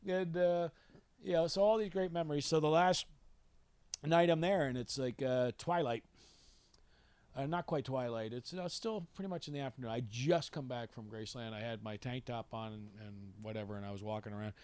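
A man's voice: medium pitch, brisk, a little mellow, clean tone, no room sound. A man telling a story in casual chat, rambling and conversational. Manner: rambling, conversational, many restarts.

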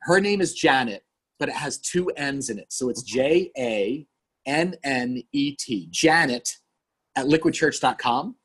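Man, 40s, pastor guest; husky, earnest, animated storyteller. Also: mid-range voice, measured pace. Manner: earnest, animated, acts out quoted dialogue. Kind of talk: candid conversational storytelling.

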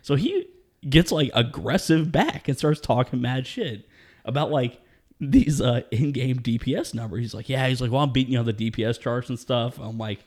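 A man's voice: medium pitch, moderate pace, darkish tone. A man casually telling a story in conversation, laid-back and profane, often breaking into laughter.

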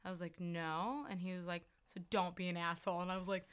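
Brief: chatty woman storyteller, bright crisp voice, slightly low pitch. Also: flat delivery, fast talker. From farm upbringing, rural. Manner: storytelling, many fillers, acts out quotes. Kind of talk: casual chat.

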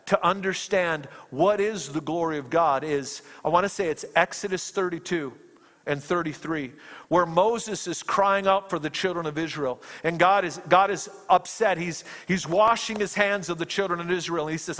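At a moderate pace and with a fairly bright tone, a man preaches a passionate sermon, repeating his words often. His pitch climbs whenever he quotes fervent prayers. The long reverb of a large hall surrounds his voice.

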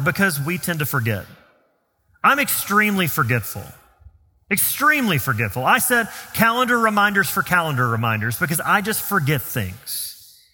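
A man with a Southern US accent preaching a sermon as pastor, earnest and emphatic, slowing down on key phrases. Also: sits high, bright, forceful tone, breathy edge, big-room sound. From Southern United States. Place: church sanctuary.

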